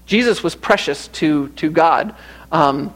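A man's voice: a little high, takes it slowly, fairly bright tone. A man preaching a sermon in an earnest way, often repeating phrases for emphasis.

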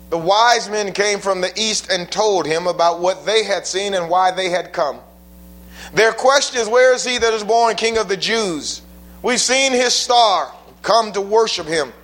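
High-voiced male preacher. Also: a bit bright. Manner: preaching with quoted scripture, rising and falling emphasis. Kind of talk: sermon.

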